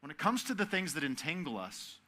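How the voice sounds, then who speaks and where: Man, youth sermon, fairly high voice, loud emphatic bursts then hushed quiet stretches. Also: big pitch swings, fairly quick. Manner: conversational, asks the audience to repeat words. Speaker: youth camp speaker.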